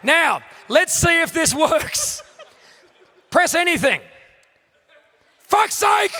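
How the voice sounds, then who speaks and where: Australian comic host, male, high bright voice, loud exasperated sweary stage banter. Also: lively intonation, slow pace. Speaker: comedian and live show host. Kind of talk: live stand-up comedy with audience banter. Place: stage in a venue with a live audience.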